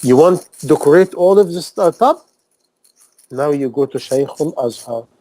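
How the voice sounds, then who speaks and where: A man's voice: on the high side, expressive, normal speed, mellow, no room sound, poor audio. A man preaching a sermon in impassioned, non-native English, repeating phrases and firing off rhetorical questions. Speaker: Islamic preacher.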